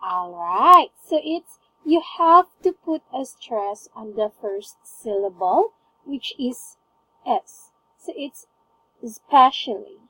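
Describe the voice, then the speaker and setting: Woman English tutor, high voice, unhurried, warmly encouraging. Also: lively intonation, breathy edge, no echo, poor audio. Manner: patient, encouraging, frequent praise. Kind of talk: one-on-one online English lesson.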